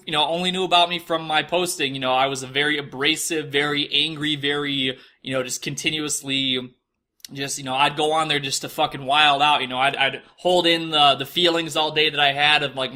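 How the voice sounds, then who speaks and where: A young man with a very bright, ringing voice that sits a little high tells a personal story. He rambles through a casual monologue, piling on fillers and frequent swearing. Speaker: podcast host telling a personal story.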